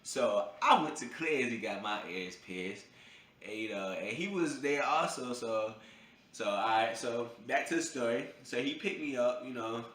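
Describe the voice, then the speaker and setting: A young man casually telling a funny personal story, breaking into high yelps when he acts out his own reactions. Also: lively intonation, measured pace, a bit bright. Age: young adult. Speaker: vlogger. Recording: echoey room with faint ambient noise.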